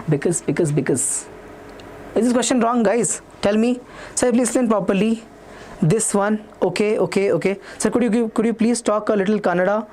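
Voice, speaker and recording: A young man with an Indian English accent teaching a live online maths revision class, talking quickly and repeating himself while reading out students' comments. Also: high voice, a little mellow, slight background noise. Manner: fast, repetitive, reads students' chat comments aloud.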